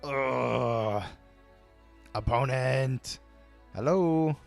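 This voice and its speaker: A man streaming a card game live, reacting loudly to each play, swearing freely and talking to his chat. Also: medium pitch, drawn-out words, gravelly, soft background music. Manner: excitable, swears a lot, talks to chat. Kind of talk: live-stream gameplay commentary.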